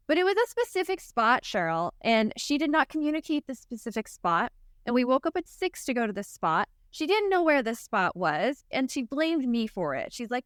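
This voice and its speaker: A chatty woman hosts a parenting podcast with a smooth, clear voice. Her sound is dry and close, with no room behind it. She laughs easily and acts out quotes as she talks. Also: fairly high pitch, very animated, normal speed, no echo. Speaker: podcast host. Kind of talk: casual interview chat.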